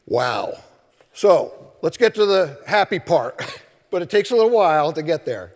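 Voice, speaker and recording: A male minister giving a sermon, telling scripture stories in an animated way and acting out the voices. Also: a little high, unhurried. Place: church sanctuary. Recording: long reverb of a large hall.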